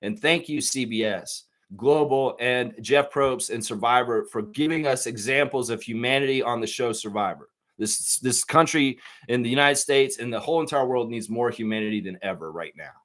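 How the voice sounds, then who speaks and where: A man hosting a live sports stream, talking in a rambling, excitable way and laughing often. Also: medium pitch, moderate pace. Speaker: podcast host. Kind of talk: casual live-stream chat.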